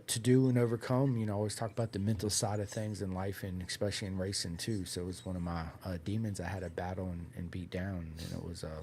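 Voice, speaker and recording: A man's voice: low voice, a little hiss or hum. A man telling a story on a podcast, swearing freely and tagging his sentences with "right?" and "bro". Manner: profane, punctuates with "right?" and "bro". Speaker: race team member guest.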